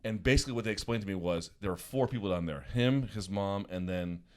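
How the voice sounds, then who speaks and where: A man co-hosting a podcast in casual chat, telling stories in an animated, profane way from a hotel room. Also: on the low side, fast. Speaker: podcast co-host.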